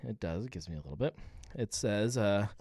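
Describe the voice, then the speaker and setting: A man's voice: on the low side, animated, a little fast, a little mellow, husky, dry recording, clean studio sound. A man hosting a casual live beer-tasting stream, rambling with many fillers and reading viewer comments aloud. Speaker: livestream host.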